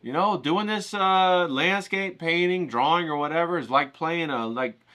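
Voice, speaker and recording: A man's voice: a little high, normal speed, bright, forceful tone. A man hosting a casual drawing tutorial, hyped and rambling, coaching viewers and swearing casually as he talks. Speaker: art channel host.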